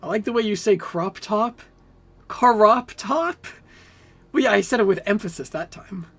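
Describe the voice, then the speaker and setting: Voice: medium pitch, fairly quick, slightly rough. A young adult game streamer chatting casually with their audience while playing, rambling in a sarcastic, self-mocking way. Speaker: game streamer reading chat.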